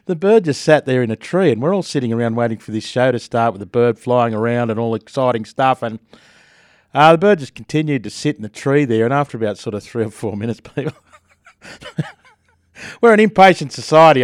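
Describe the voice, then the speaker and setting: Chuckling Australian radio host, dry mic. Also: male voice, medium pitch, animated, fairly quick, long pauses, no room sound. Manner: chatty, laughs through his stories. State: sore throat. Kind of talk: casual radio chat and news reading.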